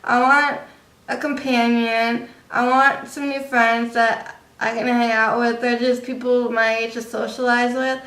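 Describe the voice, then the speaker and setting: A young woman talks slowly and rambles through a casual vlog, her voice bright and slightly high. She confides in her viewers and leans on plenty of fillers. The sound is roomy and echoey, with the mic set back from her. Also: flat delivery. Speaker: vlogger. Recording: echoey room, distant mic.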